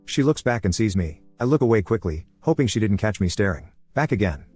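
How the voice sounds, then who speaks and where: A man tells a first-person story in a plain, even way. His voice is lowish and husky. Faint music runs underneath. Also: fairly quick. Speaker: narrator.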